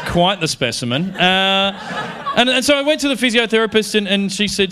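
A man in his thirties doing a stand-up comedy routine on stage, telling an animated, self-mocking story with lots of restarts. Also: sits high, moderate pace, background noise. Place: comedy venue stage before a live audience.

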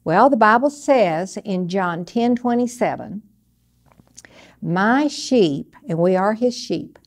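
An older woman who is a Bible teacher gives a conversational sermon in a medium-pitched voice at a slow pace. She teaches earnestly from personal experience, in a steady, plain manner.

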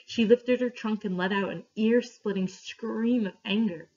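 A woman reading a story aloud to her class, clear and steady, pausing for questions. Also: medium pitch. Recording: dull lo-fi recording.

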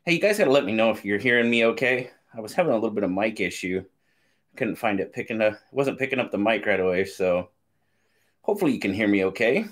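A man's voice: lowish voice, animated, fast talker. A man hosting a casual live stream, upbeat and chatty, greeting viewers by name and a little out of breath. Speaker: knife channel host.

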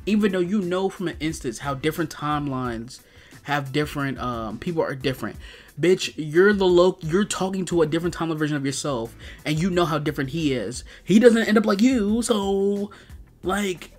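A man's voice: fairly high pitch, expressive, normal speed. A man giving an exasperated, profane rant in a video review, stuffing his talk with "like". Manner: exasperated, profane, heavy use of "like". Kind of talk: ranting review.

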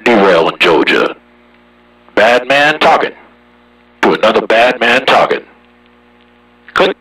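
Cocky drawling guy keying up on a cb radio, bright husky voice, kinda far from the mic. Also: mid-range voice, sing-song, slow. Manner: boastful, drawling, folksy. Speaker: CB radio operator hosting the channel. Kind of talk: casual radio chat.

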